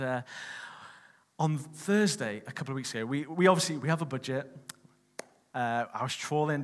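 A young man delivers a sermon, moving from a casual personal story to emphatic declarations. His voice sits at an ordinary middle pitch. It rings with the long reverb of a large hall. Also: a bit bright. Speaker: preacher.

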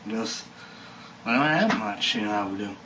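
A man's voice: on the low side, expressive, normal speed, noisy background. A man giving a rambling, heated vlog rant, swearing and leaning on "you know" and "stuff like that". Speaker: energy drink reviewer vlogger.

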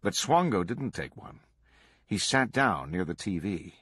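A man reading a true crime book aloud to a book club in a steady, measured way. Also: low-pitched, slightly rough.

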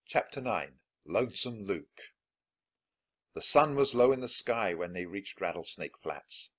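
A man reading a children's chapter book aloud, with clear, expressive narration. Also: lowish voice, measured pace. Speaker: storybook reader.

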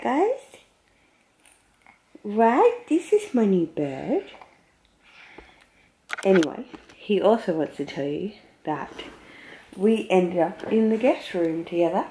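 A woman's voice: medium pitch, mellow. An Australian woman vlogging at home in a guest room, chatting into a handheld camera and using playful sing-song baby talk with her son. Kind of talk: casual home vlog.

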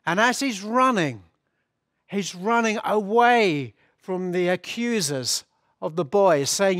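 A man preaching an earnest sermon, walking his listeners through each point and often restarting his phrases. His voice sits slightly higher than most men's, and the sound is dry and close. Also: expressive, takes it slowly, a bit bright, dry recording. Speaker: pastor.

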